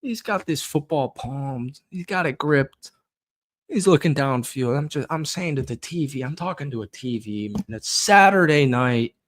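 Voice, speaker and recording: A man's voice: mid-range voice, animated, moderate pace. Man in a casual, profane football rant. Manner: frustrated, swearing, laughing, rises to shouting at the TV. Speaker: football podcast host.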